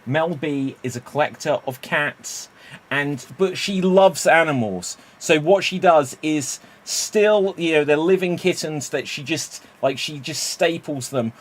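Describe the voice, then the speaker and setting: A man's voice: fairly high pitch, unhurried. Rambling, playful male improv host. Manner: rambling, self-correcting, playful. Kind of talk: hosting a live-streamed improv game.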